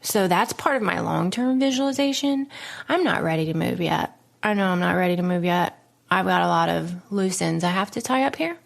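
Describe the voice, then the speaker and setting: Podcast host, thirties woman: low, fry-laden voice, dramatic personal storytelling, quick whispers and laughs. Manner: dramatic, emotional, laughs often, slips into whispers.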